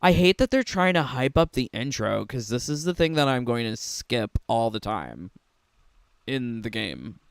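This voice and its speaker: A man's voice: mid-range voice, sing-song, unhurried, gravelly, clear, resonant tone. A man giving sarcastic, mocking reaction commentary on a game trailer, laughing often. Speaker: gaming commentator.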